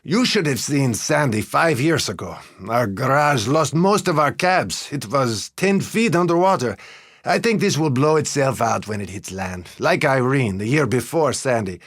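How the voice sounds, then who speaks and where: A man voicing a talkative middle-aged male cab driver with a heavy foreign accent, telling stories loudly and emphatically in an audiobook. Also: medium pitch, expressive, moderate pace, no room sound, studio quality, pitched above the performer's own voice. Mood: emphatic. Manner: loud, emphatic storytelling.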